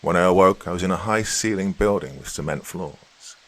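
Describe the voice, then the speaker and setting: A man narrating a first-person horror story in a steady storytelling delivery. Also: sits low, a little fast, rough recording.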